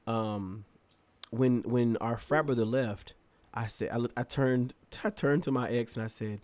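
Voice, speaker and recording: Animated man telling a funny story. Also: mid-range voice, measured pace. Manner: animated storyteller, laughs often, acts out quotes. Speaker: podcast co-host. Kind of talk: casual storytelling chat.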